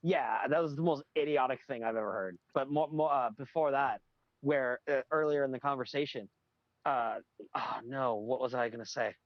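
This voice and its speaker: A man's voice: mid-range voice, normal speed, no echo. Opinionated man ranting on lo-fi audio. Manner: animated, opinionated ranting with frequent restarts. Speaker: podcast co-host. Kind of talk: casual chat.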